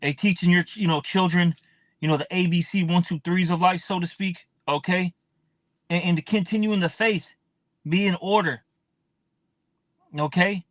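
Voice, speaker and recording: Guy with a high voice preaching scripture, blunt and cussing, dry close sound. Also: steady tone, no room sound. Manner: blunt, profane, drawn-out, fills with "man". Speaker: scripture teacher. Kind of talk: casual preaching with scripture reading.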